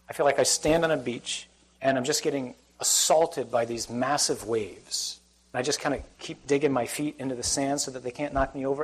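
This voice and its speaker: A Catholic priest with a mid-range, breathy voice gives a sermon to a live audience in a church or hall, captured in a low-quality recording. He's conversational and humorous, often putting questions to the crowd.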